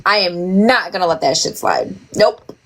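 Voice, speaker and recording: A woman's voice: fairly low pitch, moderate pace, a bit bright, rough recording. A woman giving profane, mocking commentary on an online drama, speaking casually to her viewers. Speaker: livestream commentator.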